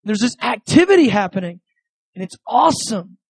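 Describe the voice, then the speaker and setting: Male preacher with a high voice; earnest, conversational delivery with repeated phrases; dry sound. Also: big pitch swings, normal speed, husky, no room sound, poor audio. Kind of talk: sermon.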